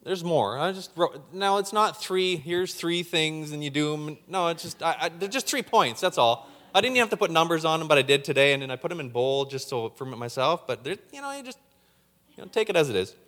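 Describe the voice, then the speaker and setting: A man's voice: on the high side, a little fast, long reverb tail. A man preaching a sermon, getting fired up and tripping over repeated words as he talks. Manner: excitable, gets hyped up when preaching. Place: church hall.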